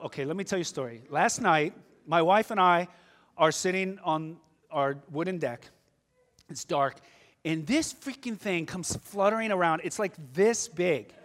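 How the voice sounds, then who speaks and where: A middle-aged man preaching a sermon, telling stories animatedly and swinging from loud outbursts to hushed asides. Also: sits high. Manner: animated storytelling with sudden shifts from loud to hushed. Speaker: pastor. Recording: long hall reverb.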